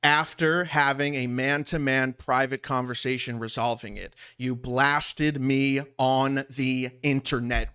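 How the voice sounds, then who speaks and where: A man's voice: mid-range voice, sharp tone, clean tone. A young man from Long Island, streaming commentary in an indignant, rambling way that repeats itself. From Long Island, New York. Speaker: streamer reacting to a livestream. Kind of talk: heated commentary over a played stream.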